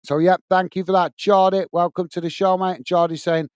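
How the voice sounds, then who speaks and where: A man's voice: high-pitched, level tone, fairly quick, a little mellow, clear, resonant tone, no echo, studio quality. A man from England hosting a live football watchalong, calling the play and reading out viewer messages in a chatty way. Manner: chatty, reads viewer comments aloud and calls play. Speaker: watchalong host. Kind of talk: live stream match commentary and chat reading.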